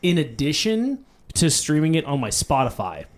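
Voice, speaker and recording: A man's voice: fairly high pitch, sing-song, normal speed. A man co-hosting a podcast, rambling casually with lots of fillers and laughter. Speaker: podcast co-host. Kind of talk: casual chat.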